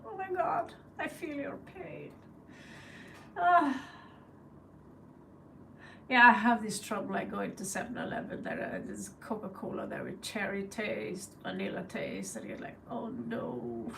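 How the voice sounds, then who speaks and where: A woman with a Norwegian accent runs a relaxed tarot live stream, chatting freely, cursing, laughing, and mimicking crows. At a medium pitch with big swings, she speaks a little slowly with long pauses in a gravelly, slightly bright voice, far from the mic on a rough recording with a little hiss or hum.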